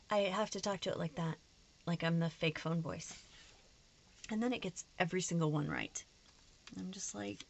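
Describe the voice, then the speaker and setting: A woman chats casually to her viewers, frank and easily exasperated. Her voice is mid-pitched with a gravelly, fry-tinged edge. Faint background noise sits under the recording. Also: moderate pace, pauses often. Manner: chatty, frustrated, slips into put-on voices. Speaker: planner vlogger. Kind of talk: casual chat to camera.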